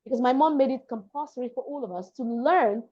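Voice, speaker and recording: Interviewed on a dull, lo-fi recording, a Lagos-raised Nigerian coach of diction and public speaking lays out her points emphatically and repeats them. Her voice sits high and runs a little fast.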